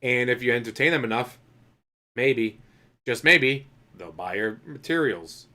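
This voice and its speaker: A man's voice: mid-range voice, a little slow, sharp tone. A man making sarcastic, mocking comments on a streamer's rant, crude and dry.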